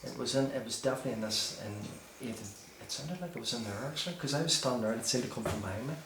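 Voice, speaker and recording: A man's voice: medium pitch, racing. A man on a ghost hunt, telling what he heard in a casual way. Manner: hushed then loud calling out. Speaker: ghost hunter. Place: dark old building at night. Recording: echoey room with noise.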